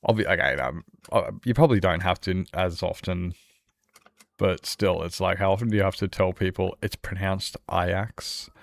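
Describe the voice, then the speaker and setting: Chatty Australian streamer, male, lowish voice, dry close sound, rambles and laughs easily while he plays. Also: moderate pace, vocal fry, no echo. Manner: rambling and chatty, laughs often, many restarts. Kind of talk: casual chat with viewers while playing a survival game.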